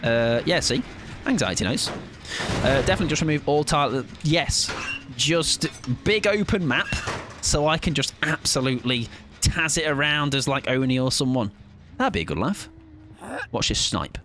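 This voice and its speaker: A man's voice: medium pitch, expressive, moderate pace, noisy background. A man streaming a game, chatting casually in a self-mocking, playful way. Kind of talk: casual gaming commentary.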